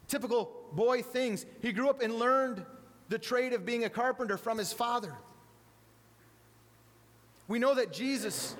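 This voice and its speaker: High-voiced man preaching in an echoey hall. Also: a bit bright. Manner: conversational, repeats words, asks the audience questions. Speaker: preacher speaking to a congregation with children. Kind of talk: sermon.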